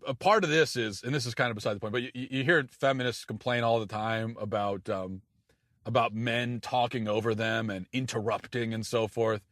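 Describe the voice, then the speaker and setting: A man's voice: medium pitch, fairly even intonation, normal speed, a bit bright, dry recording. Sarcastic man ranting, dry mic. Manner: sarcastic, incredulous, stammering restarts. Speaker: political commentator. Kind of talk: opinion monologue.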